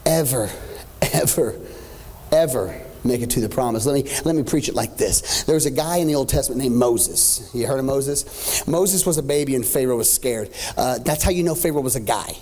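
A man's voice: mid-range voice, a little fast, darkish tone. A man in his thirties preaching a sermon as pastor, swinging from joking asides to rising, half-sung climaxes. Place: church stage.

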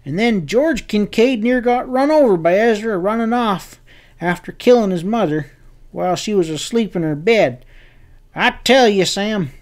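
A man voicing an excitable frontier townsman who spills urgent news in a folksy drawl, for an audiobook western. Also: sits high, voice pushed up, natural voice.

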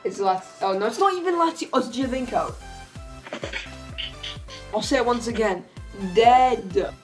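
A woman giving casual, excitable commentary as she opens card packs, calling out reveals and laughing often. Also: on the high side, moderate pace. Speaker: gaming YouTuber. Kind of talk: casual pack-opening commentary. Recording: faint background music.

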